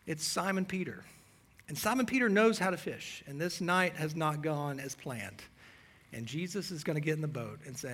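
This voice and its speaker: Conversational pastor, slightly high voice. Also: male voice, fairly quick, fairly bright tone. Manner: conversational, self-deprecating storytelling. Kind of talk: sermon. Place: church sanctuary.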